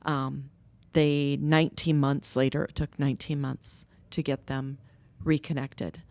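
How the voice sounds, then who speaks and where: A middle-aged woman telling stories in conversation, candid and lively, acting out what others said. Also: a bass voice, a little slow, dry recording. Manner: candid, animated quoting of others. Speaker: guest, nonprofit co-founder. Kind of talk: conversational storytelling. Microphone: podcast microphone.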